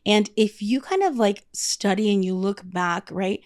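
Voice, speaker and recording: A woman's voice: medium pitch, a little slow, a little mellow. A woman hosting a podcast, telling a story in a chatty, casual way with lots of fillers. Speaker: podcast host. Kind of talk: casual chat.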